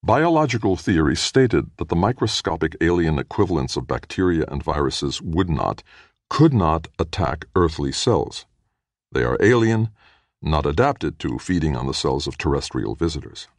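Very deep-voiced male audiobook narrator. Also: lively intonation, dry recording. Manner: measured, lightly voices characters with a raised pitch. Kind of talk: scripted narration.

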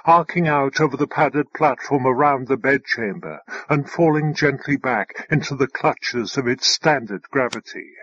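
A man reading a novel aloud as an audiobook narrator, measured and unhurried. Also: mid-range voice, fairly bright tone, husky, dry recording, highs cut off. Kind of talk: scripted narration.

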